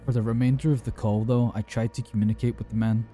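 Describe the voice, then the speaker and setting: Dark-voiced male horror narrator. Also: mid-range voice, level tone, fast, soft background music. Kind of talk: scripted horror story narration.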